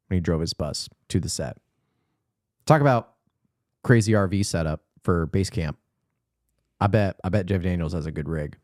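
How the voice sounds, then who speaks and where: Low-voiced man retelling a movie. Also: no echo, clean studio sound. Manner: animated retelling, slips into quick voices. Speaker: podcast co-host reviewing a movie. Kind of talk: casual chat.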